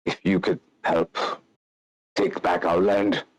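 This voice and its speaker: A weary old vintner pleads in formal, archaic speech, as a man voices him. The voice is very deep and gravelly-gruff. It sits close and dry, with no room around it. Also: slow pace, no room sound, exaggerated voice, rough recording. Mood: pleading. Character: weary old male vintner, proud family patriarch.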